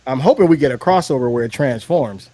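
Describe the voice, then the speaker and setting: A man co-hosting a casual podcast chat, joking around and talking excitedly. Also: medium pitch, quick pace. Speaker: podcast co-host.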